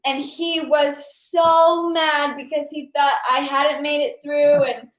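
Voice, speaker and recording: Young woman, interview guest, high voice, chatty storyteller, echoey room. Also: takes it slowly. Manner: chatty, animated, with many fillers.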